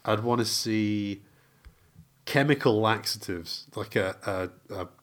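A man co-hosting a podcast in casual chat, answering in a dry, deadpan way. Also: on the low side, slow pace. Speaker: podcast co-host.

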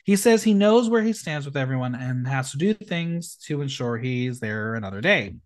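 A man's voice: medium pitch, moderate pace. A man hosting a podcast, recapping an episode in casual, sarcastic chat. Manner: sarcastic, animated, recaps the episode and mimics contestants. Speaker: podcast host.

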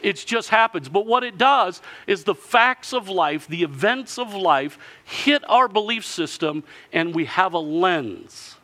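Bright-voiced man preaching a sermon. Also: high voice, measured pace, few pauses. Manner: lively storytelling, acting out villagers in character. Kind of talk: sermon with a story.

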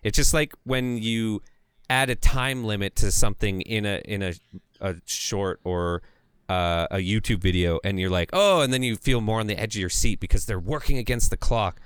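A man's voice: on the low side, moderate pace, a bit bright, clear, resonant tone, dry recording. A man co-hosting a podcast, talking casually about a film in a hesitant way full of fillers. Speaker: podcast co-host. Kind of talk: casual film review chat.

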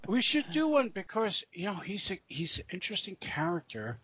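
A man co-hosting a podcast, talking about old films in a halting way, often repeating words and restarting sentences. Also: sits high, big pitch swings, a bit bright, husky, no room sound. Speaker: podcast co-host. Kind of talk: casual chat. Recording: dull lo-fi podcast audio.

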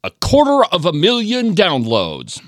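A man's voice: high-pitched, huge pitch swings, measured pace. A man hosting a political podcast from a studio, with a grandiloquent, mock-pompous showman's delivery. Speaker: podcast host. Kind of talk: political podcast opening monologue. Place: radio studio.

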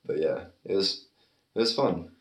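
A man with a very deep voice chats on a podcast, answering mostly in short, low-key reactions. The room around him is noticeably echoey. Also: lively intonation, moderate pace. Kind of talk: casual chat.

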